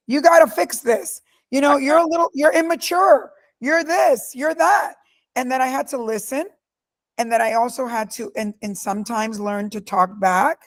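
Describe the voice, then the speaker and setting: A middle-aged woman in an interview, telling stories about her life with emphatic, forceful delivery. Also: a little high. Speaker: guest speaker. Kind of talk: candid interview answers.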